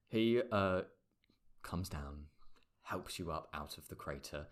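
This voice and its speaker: A man narrating as game master in a tabletop game, relaxed and often laughing. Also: sits low, takes it slowly, pauses often, soft background music.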